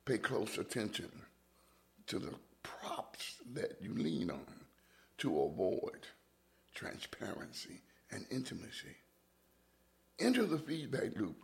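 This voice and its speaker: Deep gravelly guy thinking out loud, voice swings up and down a lot, drops to a whisper sometimes. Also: wildly swooping pitch, takes it slowly. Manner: musing, dips into whispers, with restarts. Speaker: podcast host. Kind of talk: reflective monologue.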